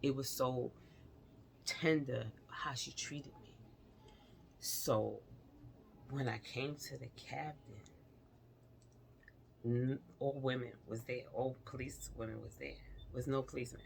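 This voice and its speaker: A woman's voice: a bass voice, takes it slowly, vocal fry, pauses often, slight background noise. A woman vlogger telling a personal story in casual conversation, speaking straight to her viewers. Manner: animated retelling, acts out quoted dialogue; speaks directly to the audience.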